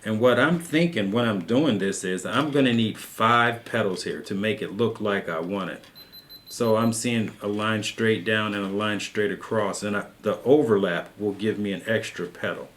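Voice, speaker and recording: A man calmly teaching soap carving, talking patiently through each cut as he works. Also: on the low side, moderate pace. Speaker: carving instructor. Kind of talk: step-by-step craft tutorial.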